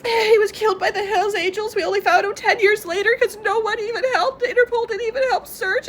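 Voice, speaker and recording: A woman's voice: very high-pitched, steady tone, brisk, few pauses, a little hiss or hum. A woman vlogger talking in a rambling, emotional confessional monologue, tearful and congested, sometimes laughing through her tears.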